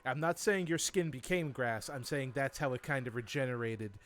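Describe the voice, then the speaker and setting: A man's voice: medium pitch, moderate pace. A man narrating as dungeon master of a tabletop game, laid-back, thinking aloud and chuckling.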